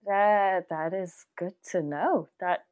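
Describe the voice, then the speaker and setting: A woman hosting a casual interview, asking relaxed questions and laughing along with her guest. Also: fairly low pitch, slow pace, phone-quality sound.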